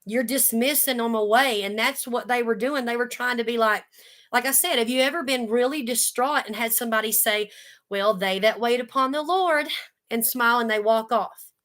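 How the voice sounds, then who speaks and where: A woman's voice: a little high, steady tone, fairly quick, a bit bright. A woman giving a casual Bible study talk, conversational and earnest, with folksy asides. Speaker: Bible teacher.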